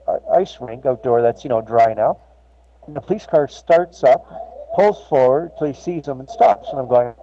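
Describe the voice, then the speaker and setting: A grieving man tells a personal story in an interview, halting and restarting often. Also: mid-range voice, mellow, slight background noise. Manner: halting, many restarts and fillers. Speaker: guest. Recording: slightly muffled with faint ambience.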